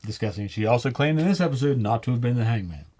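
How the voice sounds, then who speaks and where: A man's voice: mid-range voice, expressive, fast, warm tone. A man co-hosting a reaction show, laid-back, mostly chiming in with short agreement. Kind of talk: casual chat.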